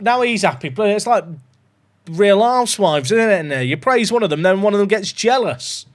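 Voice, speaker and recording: A young gaming YouTuber gives a chatty, humorous commentary on a football management game, speaking at a moderate pace. He has a high voice with big pitch swings and occasionally lets loose with loud, excited yelling.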